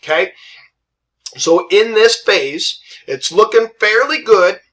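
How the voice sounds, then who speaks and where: Lively, bright-voiced male history teacher. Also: sits high. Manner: chatty, asks "right?" often, acts out historical figures in quick asides. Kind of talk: casual classroom lecture.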